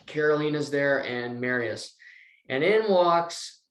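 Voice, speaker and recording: A man's voice: on the high side, slow, reverberant. A man co-hosting a podcast, casually recapping a TV episode and acting out the characters' lines as he tells it. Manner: animated storytelling, acting out quotes. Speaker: podcast co-host.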